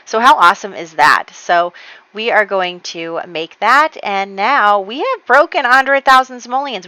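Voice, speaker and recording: A woman's voice: fairly low pitch, sharp tone, highs cut off. A woman casually narrating a life-sim game as a let's play host, rambling along with many fillers.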